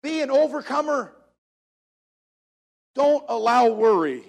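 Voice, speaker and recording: A man's voice: high voice, lively intonation, normal speed, gravelly. A man preaching a sermon to a congregation, repeating key phrases for emphasis in a preacher's cadence. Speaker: pastor.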